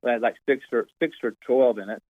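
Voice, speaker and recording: A man, a pastor, telling an animated story in casual conversation, often repeating his words. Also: mid-range voice, brisk, no room sound. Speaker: pastor, guest. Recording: tinny phone-like line, dry.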